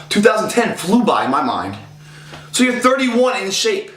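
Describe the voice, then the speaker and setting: A man's voice: high voice, big pitch swings, measured pace, fairly bright tone, echoey room. A man in his thirties giving a casual motivational fitness talk, intense and profane, rambling, his voice rising when he gets fired up.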